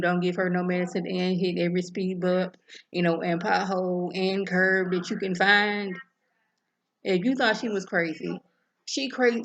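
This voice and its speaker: A woman's voice: lowish voice, creaky, lo-fi sound. A woman recaps a TV episode in a loose, chatty way, full of animation. She keeps slipping into the characters' lines to act them out. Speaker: TV episode reviewer.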